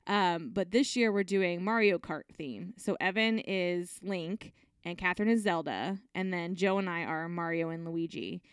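A woman in her forties chatting casually as a podcast co-host and telling animated family stories, with lots of fillers. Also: on the low side, a little slow, clear, resonant tone, no room sound, clean studio sound. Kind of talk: casual chat.

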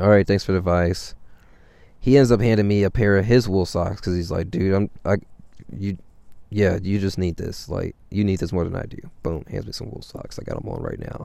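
A low, mellow-voiced young man tells a story in a loose, rambling way, with plenty of swearing and filler words. His voice has a gravelly, smooth edge, and the sound is dry and close. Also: no echo. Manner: rambling and profane, with constant fillers. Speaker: vlogger. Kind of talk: casual storytelling.

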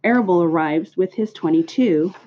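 A woman reading a storybook aloud, voicing a blunt, sharp-tongued old female sheep in a matter-of-fact manner. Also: lowish voice, normal speed, natural voice. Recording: dull lo-fi recording.

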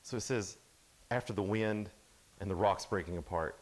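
Young male camp preacher, lowish voice, lively storyteller who drops to near silence. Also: moderate pace. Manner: casual, animated storytelling, drops to hushed tones. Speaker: youth camp speaker. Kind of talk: sermon.

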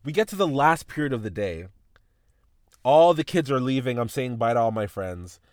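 Man, podcast host, casual storytelling, lively swinging pitch, dry close sound. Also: moderate pace, dry recording. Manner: animated, profane, voices his teacher and mom in retelling.

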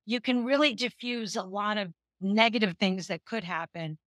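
A woman's voice: mid-range voice, normal speed, fairly bright tone, no room sound. A woman from New York City speaks as a podcast guest. She explains in a confident, practical way. The recording is dry and close. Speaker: guest, sales executive. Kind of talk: podcast interview.

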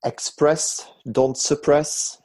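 A man's voice: fairly high pitch, fairly even intonation, very slow, a little mellow. A man hosting an interview, affirming what his guest says and reflecting on it. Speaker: interviewer host. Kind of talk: conversational interview.

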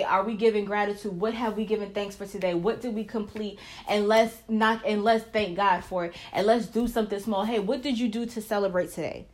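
A woman hosting a casual faith talk, earnest and encouraging, who breaks into short prayers as she speaks. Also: mid-range voice. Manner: earnest, encouraging, prays aloud mid-talk. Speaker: faith and marriage podcast host.

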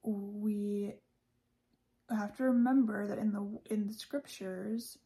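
A woman's voice: mid-range voice, fairly even intonation, slow, dark tone. A woman hosting a podcast, talking casually about a religious speech, chatty, with frequent laughs and fillers. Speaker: podcast host.

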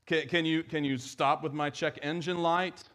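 Pastor preaching, swinging loud to hushed. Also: male voice, a little high, steady tone, normal speed. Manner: conversational preaching with wide swings from emphatic to hushed. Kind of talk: sermon. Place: church.

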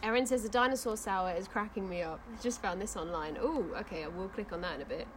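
A woman co-hosting a casual community radio chat, tossing in quick teasing remarks. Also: mid-range voice, background noise. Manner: quick teasing interjections, laughs often. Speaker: co-host.

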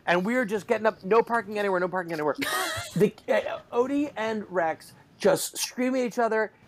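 A man in his forties, casually telling a story about his kids and acting out their shouting. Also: high-pitched. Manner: animated, acts out shouting kids. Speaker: parent telling a family story.

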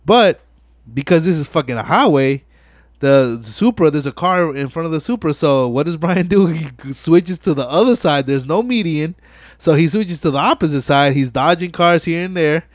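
A young man hosting a casual podcast, retelling movie scenes in an animated way and acting out the dialogue with lots of swearing. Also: fairly high pitch, moderate pace, dry recording, studio quality. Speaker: podcast host. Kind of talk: casual chat.

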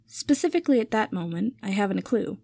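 A woman reading a story aloud, voicing an aloof young man with a dry, measured delivery. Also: mid-range voice, expressive, gravelly, mellow, no room sound.

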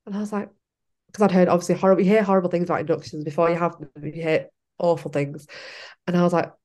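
A woman's voice: on the low side, flat delivery, fast talker, dark tone. Chatty young woman. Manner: chatty, laughing often, acting out her own past lines. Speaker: podcast guest. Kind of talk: casual storytelling interview.

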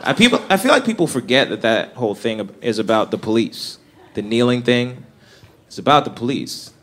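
A man's voice: mid-range voice, animated, a little fast, a bit bright. A young man doing a stand-up comedy set, talking in a wry, conversational way and chuckling at his own jokes. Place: comedy club stage. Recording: live club recording with crowd and noise. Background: audience laughter.

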